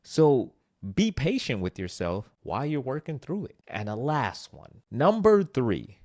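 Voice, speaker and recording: A man presenting a scripted motivational vlog with self-help advice, animated and self-mocking, with playful asides. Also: medium pitch, measured pace, no echo.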